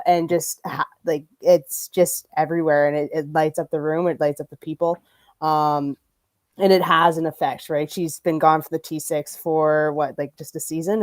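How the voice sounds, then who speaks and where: Low-voiced earnest woman athlete guest, dry close audio. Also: no room sound. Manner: hesitant, many fillers, earnest. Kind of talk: casual interview talk.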